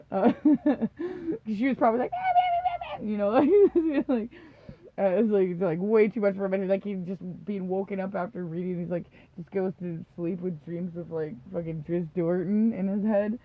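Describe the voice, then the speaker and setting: A woman's voice: mid-range voice, moderate pace, no room sound. A woman co-hosting a podcast, telling profane, rambling stories in casual chat, often laughing and acting out what people said. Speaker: podcast co-host. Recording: dull lo-fi dry recording.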